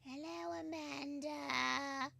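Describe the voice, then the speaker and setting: A woman voicing a pair of creepy twin children, speaking slowly in an eerie, drawn-out singsong. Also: high-pitched, fairly even intonation, creaky, sharp tone, a little hiss or hum, voice pushed up, exaggerated voice.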